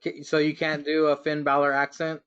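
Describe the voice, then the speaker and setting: A man's voice: a little high, completely flat delivery, a little fast, fairly bright tone, clean tone, no echo, lo-fi sound. A man hosting a casual podcast chat, loose and joking, putting questions to his co-hosts. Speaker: podcast host.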